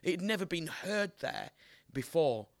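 A man's voice: on the high side, expressive, measured pace. A man in his fifties preaching a sermon as an evangelist, emphatic and full of rhetorical questions to the congregation.

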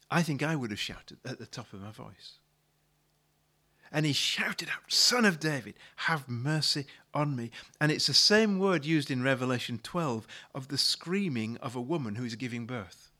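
A man delivers a sermon with a bright, forceful tone and a voice pitched a little above the usual male range. He preaches like he is telling a story, conversational rather than formal. He often repeats a word or two as he restarts a sentence. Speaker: pastor.

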